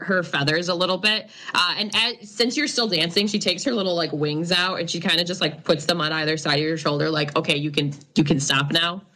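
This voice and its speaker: A woman's voice: lowish voice, bright, forceful tone. A woman narrating as game master in a tabletop role-playing game, loose and full of fillers.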